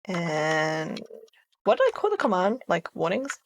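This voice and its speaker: A woman's voice: on the low side, wildly swooping pitch, measured pace. A woman streamer chatting casually with her viewers, playful and giggling often between phrases. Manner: playful, chatty, reads chat aloud.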